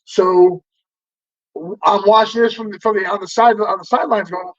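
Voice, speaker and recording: A man's voice: high voice, fairly even intonation, normal speed, a bit bright. Rambling, profane man in his fifties. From Southern California. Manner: rambling and profane, full of fillers and restarts. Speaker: podcast guest. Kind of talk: casual storytelling interview. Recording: dull lo-fi audio.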